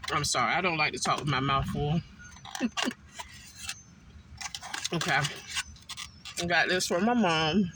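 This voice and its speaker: A man eating a meal in a car and chatting casually to his viewers, unhurried and full of ums. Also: on the high side, background noise. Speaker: food vlogger. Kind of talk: casual mukbang chat.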